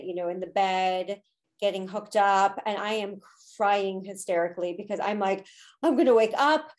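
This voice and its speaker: A woman's voice: medium pitch, darkish tone. Candid, emotional woman telling her story. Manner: candid and emotional, with frequent fillers. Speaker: podcast guest, spiritual teacher. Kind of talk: personal story in a podcast interview.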